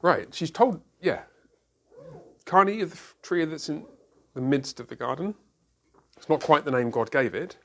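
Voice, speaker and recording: A man's voice: a little high, moderate pace, pauses often, fairly bright tone, a little hiss or hum. A man leading a Bible study group. He asks the group questions and explains each point step by step, using everyday examples.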